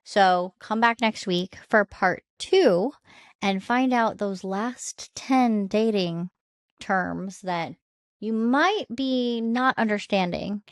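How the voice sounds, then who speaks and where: A woman in her thirties co-hosting a podcast in casual chat, animated and blunt, laughing often. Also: mid-range voice, slow pace. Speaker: podcast co-host.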